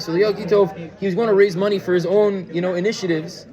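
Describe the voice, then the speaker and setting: In a casual Torah class with storytelling, a fairly high-voiced man talks rapidly and evenly, hardly pausing, and stumbles through fillers and restarts as he quizzes the audience. The recording is lo-fi, and the crowd can be heard around him.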